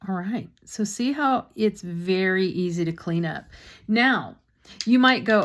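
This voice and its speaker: A woman's voice: medium pitch, lively intonation, measured pace, a bit bright. A woman painting instructor talks casually through a step-by-step demonstration, with chatty, self-deprecating asides and a slightly sore throat.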